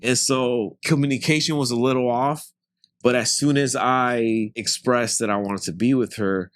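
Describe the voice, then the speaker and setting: A man's voice: medium pitch, steady tone, normal speed, no echo, studio quality. A man in casual podcast chat, teasing and playful, cutting in often. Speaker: podcast guest.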